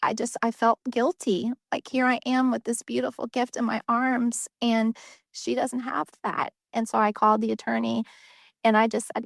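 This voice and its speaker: A woman's voice: on the high side, level tone, normal speed, gravelly, no room sound, studio quality. A middle-aged woman, an adoptive mother and guest, telling her story in an earnest, emotional way with many small fillers. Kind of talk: heartfelt personal storytelling.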